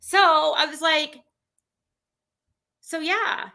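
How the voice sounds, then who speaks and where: A woman's voice: high voice, steady tone, extremely slow, gravelly, pushed and bright, rough recording. A woman with a cold hosting a casual livestream chat, rambling and exasperated, full of fillers and restarts. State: has a cold. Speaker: livestream host.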